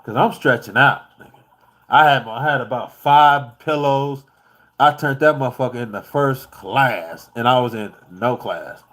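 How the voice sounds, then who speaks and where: A laid-back man from the United States recounts his trip in a loose, profane, easygoing way. His pitch sits in a middle range, and he chuckles now and then while he talks. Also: a little slow, fairly bright tone. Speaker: vlogger. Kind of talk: casual travel storytelling.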